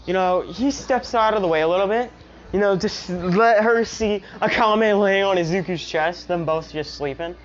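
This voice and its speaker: A woman's voice: medium pitch, moderate pace, slight background noise. A woman casually telling a fan-made story, rambling along with lots of "you know". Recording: dull lo-fi recording.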